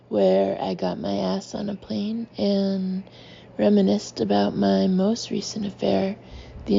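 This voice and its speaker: A woman reads her memoir with wry, deadpan humor in a slow, gravelly voice. Her tone is mellow and warm. The recording sounds a little dull, with a faint hiss underneath. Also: mid-range voice. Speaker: memoir narrator. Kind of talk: audiobook memoir narration.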